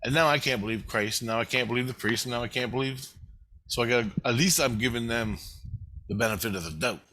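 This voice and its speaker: Guy ranting on his vlog, swears nonstop, sharp bright voice, all worked up. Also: mid-range voice, a little fast. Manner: profane, agitated, swears constantly. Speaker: vlogger. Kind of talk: rambling first-person monologue.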